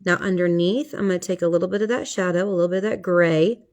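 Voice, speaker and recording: A woman's voice: lowish voice, quick pace, a little mellow. A middle-aged woman talking viewers through a makeup tutorial in a chatty, playful way. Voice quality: chatty, playful, talks to viewers as she works. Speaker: makeup vlogger.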